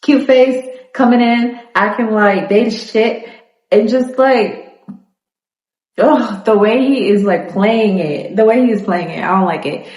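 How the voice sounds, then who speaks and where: A young woman from South Florida giving a sassy, animated casual recap of a reality show. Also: fairly high pitch, unhurried. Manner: animated, sassy, talks back to the screen. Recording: echoey room.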